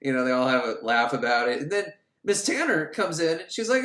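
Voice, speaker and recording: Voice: mid-range voice, big pitch swings, fairly quick, hardly any pauses, a bit bright, echoey room. A podcaster recapping a film in a rambling, joking way, often breaking into laughter. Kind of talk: comic movie recap.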